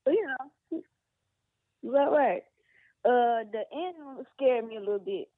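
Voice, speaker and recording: A woman calling in to a sports radio show, speaking in a relaxed, hesitant way. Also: fairly high pitch, a little slow, no room sound. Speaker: caller. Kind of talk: phone call to a radio show. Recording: tinny phone line.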